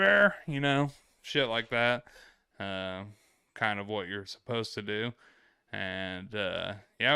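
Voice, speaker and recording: A man's voice: lowish voice, bright, forceful tone, clear, resonant tone, dry recording, studio quality. A man hosting a vlog, telling travel stories in a laid-back, rambling way and swearing freely. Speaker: vlog host. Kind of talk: casual travel storytelling.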